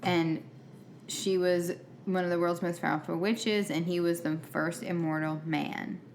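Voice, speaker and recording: A woman's voice: fairly low pitch, steady tone, measured pace, darkish tone, slight background noise. A woman co-hosting a podcast as an enthusiastic superfan, explaining show lore and laughing often in casual chat. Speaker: podcast co-host.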